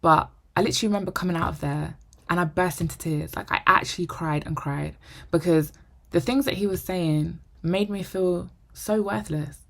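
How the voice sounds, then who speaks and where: Low, gravelly young woman telling a story. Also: normal speed. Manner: animated, acts out quoted dialogue; drops to a whisper for inner thoughts. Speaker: vlogger. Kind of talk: storytime monologue.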